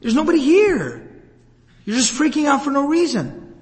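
Baffled relatives protest in raised, puzzled voices, as a man puts them on. The delivery is high and insistent. A long reverb hangs in the hall. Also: wildly swooping pitch, normal speed, a little mellow, exaggerated voice. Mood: bewildered. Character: bewildered family insisting nothing is wrong.

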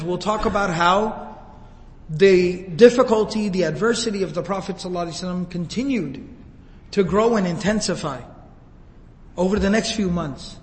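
A man's voice: sits high, big-room sound, low-quality recording. A man giving a sermon, telling the story emotively and acting out quoted lines. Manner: emotive, retells scenes with quoted voices. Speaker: preacher.

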